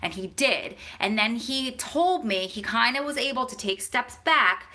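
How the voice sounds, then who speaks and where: A woman's voice: on the high side, expressive, unhurried, bright, forceful tone. A woman vlogger in casual chat, answering viewer questions and talking straight to her audience. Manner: chatty, talks straight to viewers.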